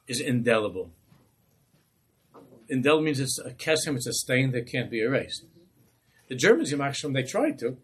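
Husky-voiced rabbi giving an impassioned lecture. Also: male voice, mid-range voice, very animated, moderate pace, a bit bright. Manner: impassioned, rhetorical. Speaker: rabbi teaching a class. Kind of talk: Torah class lecture.

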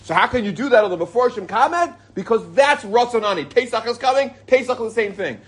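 A man's voice: high voice, a bit bright, slightly rough. A middle-aged man teaching an informal Torah class to a live group, reading Hebrew passages and then explaining them in casual, joking English.

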